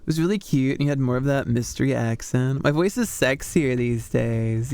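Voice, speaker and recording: A man's voice: mid-range voice, moderate pace, hardly any pauses, a little mellow. A man streaming as a VTuber, talking casually with chat in a rambling way full of fillers. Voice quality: smooth. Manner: rambling, chatty, lots of fillers.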